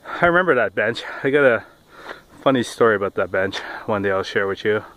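Man vlogger, lower voice, casual rambling jokester talking mid-walk outdoors. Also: animated, a little fast, fairly bright tone, low-quality recording. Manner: rambling, jokey storytelling; talking while walking outdoors. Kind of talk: casual vlog while walking. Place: outdoors on a path.

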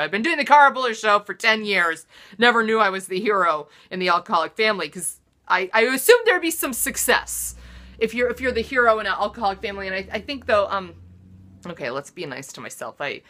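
A woman hosting her own comedy show, delivering a self-deprecating monologue that swings between loud mock-dramatic outbursts and muttered asides. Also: mid-range voice.

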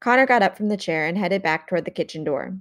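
A woman narrating an audiobook in a measured, expressive reading. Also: lowish voice. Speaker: audiobook reader.

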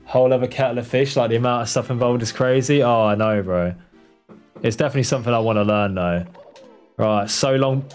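Man, live speedrun commentary, excitable, swears, mid-pitched, faint music behind. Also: a little fast. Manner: excitable, swears, talks to the game character and chat. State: out of breath when tense. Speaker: speedrun streamer.

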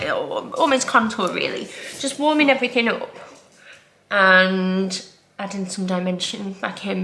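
A woman's voice: medium pitch, creaky, sharp tone, slight background noise. A woman in her thirties, a mum chatting casually and rambling through her morning makeup routine at home. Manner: chatty, rambling, self-deprecating. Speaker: vlogger, mum. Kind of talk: casual get-ready-with-me makeup chat.

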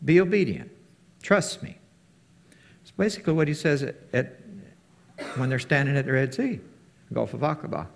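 In a brisk, animated and creaky voice broken by long pauses, a man gives his fellowship an informal, conversational sermon. Any quote he tells gets acted out with large swings in pitch.

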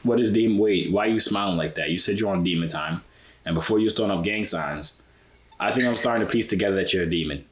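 Young guy joking around w strangers on video chat, kinda low voice, playful teasing. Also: quick pace, a little hiss or hum. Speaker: vlogger chatting with strangers.

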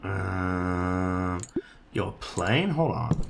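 Lively gravelly man gaming. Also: low-pitched, drawn-out words, noisy background. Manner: profane, teasing, talks to the game baby. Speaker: gaming channel host. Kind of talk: casual let's-play commentary.

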